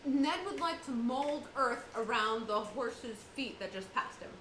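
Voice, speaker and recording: A woman playing a tabletop game, eager and quick to giggle. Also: fairly high pitch. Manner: giggly, excitable. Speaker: player. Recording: echoey room with noise.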